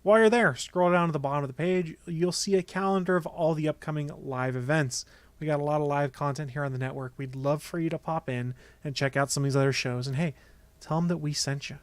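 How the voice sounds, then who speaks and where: A man's voice: fairly high pitch, steady tone, quick pace, dry recording. Upbeat Southern-born male podcast host. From American South. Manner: upbeat, laughs easily, announcer-like plugs. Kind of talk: casual podcast chat.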